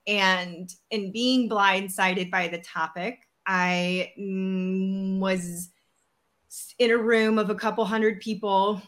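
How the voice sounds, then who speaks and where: Slow-talking bright-voiced woman telling a story. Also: medium pitch. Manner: animated, acts out quoted dialogue. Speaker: podcast host. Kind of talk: storytelling in casual chat.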